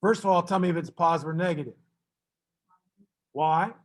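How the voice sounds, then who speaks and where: A man teaching a math class, brisk and teasing, fussing at students and then reassuring them. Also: on the high side, fairly even intonation.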